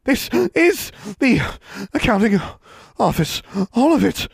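A man's voice: very high voice, very animated, slow pace, vocal fry, husky, voice pushed up, full character voice. A man voicing a frightened witch clerk who cries out and then answers in a dazed, pleading way. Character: shrill panicked middle-aged witch clerk.

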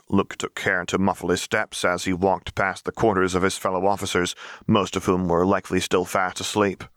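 Low-voiced male audiobook narrator. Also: no room sound, studio quality. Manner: calm, even, storytelling. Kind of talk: scripted narration.

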